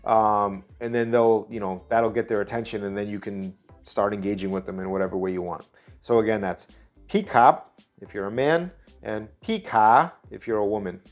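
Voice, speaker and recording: A man hosting a casual language lesson, relaxed and chatty, explaining things slowly. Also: lowish voice, faint music behind. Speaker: travel video host.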